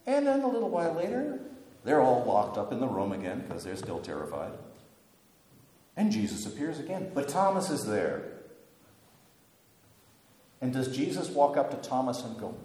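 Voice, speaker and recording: A man preaching in a lively, swooping voice, retelling the story with dry jokes tossed in. His voice rings out through a big hall with a long, roomy echo. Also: mid-range voice, moderate pace, pauses often. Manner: animated storytelling with wry humorous asides. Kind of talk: sermon. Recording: echoey hall with long reverb.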